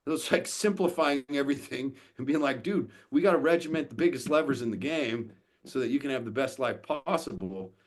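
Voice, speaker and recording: A man's voice: mid-range voice, brisk. A man speaking as a podcast guest, a coach for fathers, talking bluntly with lots of swearing and acting out what other people say. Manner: blunt and profane, acts out quoted dialogue. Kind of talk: casual podcast conversation.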